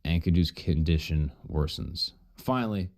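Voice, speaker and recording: A man's voice: low voice, normal speed. A man streaming while he retells an old myth in a casual, profane, joking way, full of asides.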